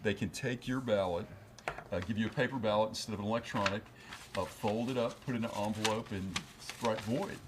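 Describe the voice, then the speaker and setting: Low-voiced attorney explaining the law. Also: male voice, fairly quick, background noise. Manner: explanatory, with many fillers and restarts. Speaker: attorney guest. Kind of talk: news studio interview.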